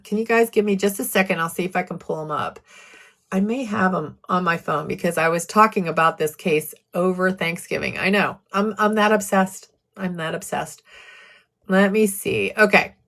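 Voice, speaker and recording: A woman's voice: medium pitch, a bit bright. Woman, true crime streamer, mid-range voice, casual conversational delivery, reads comments aloud, sarcastic asides.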